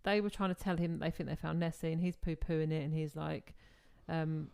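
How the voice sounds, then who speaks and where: A woman's voice: deep voice, steady tone, a little fast, creaky, darkish tone, smooth. A woman co-hosting a podcast, chatting casually and laughing as she retells film scenes. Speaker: podcast co-host. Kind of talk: casual chat.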